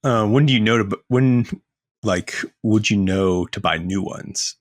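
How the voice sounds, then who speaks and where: A man's voice: fairly low pitch, measured pace, no room sound. A man co-hosting a casual podcast, reading listener questions and dropping dry quips. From United States. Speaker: podcast co-host. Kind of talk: casual chat.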